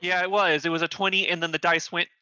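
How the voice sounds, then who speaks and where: A man playing a tabletop game, describing his turn in a quick, matter-of-fact way. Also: high-pitched, flat delivery, bright, forceful tone, smooth, no echo, lo-fi sound. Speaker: player.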